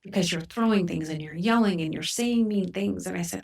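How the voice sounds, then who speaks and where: A woman in her forties talks openly as a podcast guest, her voice sitting a little low with a gravelly fry at the edges. She muses aloud with easy fillers, reflective and frank. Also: a little fast, few pauses, darkish tone. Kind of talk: conversational podcast interview.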